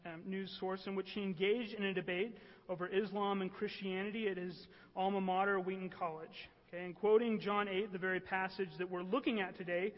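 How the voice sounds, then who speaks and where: A man preaching a sermon in an earnest way, often checking with the room by asking "right?". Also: high-pitched. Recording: echoey hall, dull lo-fi sound.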